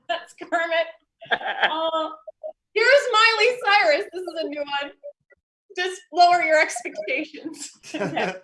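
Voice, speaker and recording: A young woman performs comedy over a video call, her voice pitched very high. She talks slowly and unhurriedly, playful and quick to laugh at her own jokes. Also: lively intonation, sharp tone.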